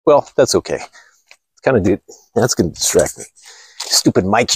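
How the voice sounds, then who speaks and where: A man rambles bluntly to his camera in a casual monologue, swearing as he goes. His voice is a little husky, with a lively rise and fall. It sounds dry and close, with no room echo. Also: on the low side, normal speed. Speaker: channel host.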